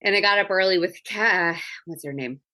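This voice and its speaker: A woman in her thirties hosting a relaxed podcast chat, with a fairly low but bright, forceful voice. She tells everyday stories in a chatty way and laughs easily. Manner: chatty, storytelling, quick to laugh. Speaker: podcast host.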